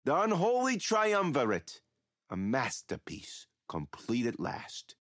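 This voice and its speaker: An actor playing a rambling, mocking killer who taunts a captive priest in an audio drama. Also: male voice, mid-range voice, wildly swooping pitch, slow pace, fairly bright tone, no echo, clean studio sound, heavily acted. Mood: taunting.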